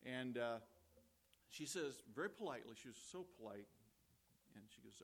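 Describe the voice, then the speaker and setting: A man delivers a funeral eulogy as the pastor, speaking at an everyday pitch. He talks in a conversational, storytelling way with gentle humor, and he circles back to key phrases for emphasis. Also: animated, normal speed, vocal fry.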